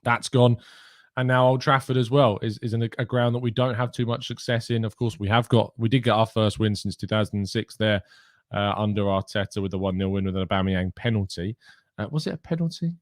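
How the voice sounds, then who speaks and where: A man's voice: fairly low pitch, fairly quick, dry recording, studio quality. A man hosting a live show, chatting casually, reading out and answering viewers' questions. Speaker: host. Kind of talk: casual chat.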